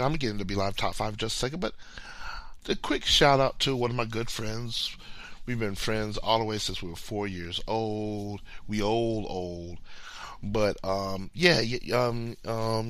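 Podcast guy trash talking sports, gravelly voice, dry close sound. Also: medium pitch, no echo. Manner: animated, playful trash talk; repeats words when starting sentences. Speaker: podcast co-host. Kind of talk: casual sports talk.

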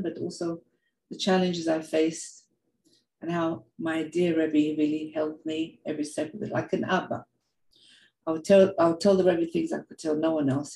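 An older woman giving a heartfelt personal talk, telling stories in an earnest, animated way and often repeating words. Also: deep voice, moderate pace, roomy sound, low-quality recording. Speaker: speaker sharing reflections.

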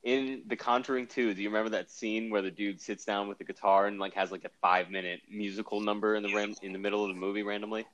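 A man's voice: on the low side, little pitch movement, fast, hardly any pauses, fairly bright tone, low-quality recording. A married man co-hosting a movie podcast, arguing his points and acting out quotes in mock voices. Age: adult, married. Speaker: podcast co-host. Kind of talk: casual movie-review chat.

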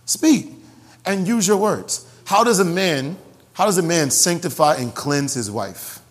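A man preaching a sermon to his congregation in an animated way, joking and repeating phrases for emphasis. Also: fairly high pitch, unhurried. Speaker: pastor. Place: church sanctuary. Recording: long hall reverb.

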